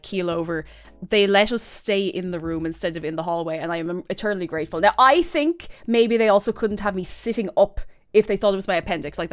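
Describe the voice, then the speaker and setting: Chatty Irish woman streamer, laughing a lot. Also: mid-range voice. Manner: chatty, laughs often, rambling asides. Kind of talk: casual chat, storytelling to stream.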